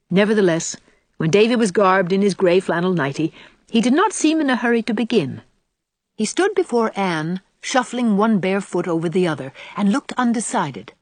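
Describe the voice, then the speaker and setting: A woman narrating a classic novel in an expressive storybook reading. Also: medium pitch, moderate pace, dry recording. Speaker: audiobook narrator.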